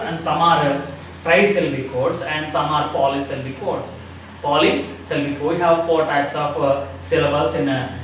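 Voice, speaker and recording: A man with an Indian English accent teaching a lesson on syllables, repeating words and breaking them into parts, often asking if it is clear. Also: a little high. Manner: repetitive, drills words syllable by syllable, asks "is it clear?". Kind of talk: classroom lecture on syllables. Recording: very echoey room, mic at a distance, faint noise.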